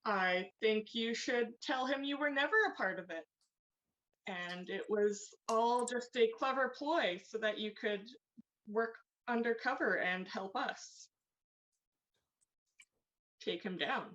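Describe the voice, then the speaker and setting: A woman playing a gentle young male tiefling, Whimsy. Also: fairly high pitch, slow, long pauses, highs cut off. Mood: soothing. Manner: coaxing, reassuring, sidestepping the truth.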